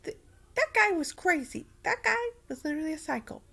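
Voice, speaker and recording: A woman giving a casual anime review, rambling and repeating herself in an animated way. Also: high voice, a little fast, vocal fry.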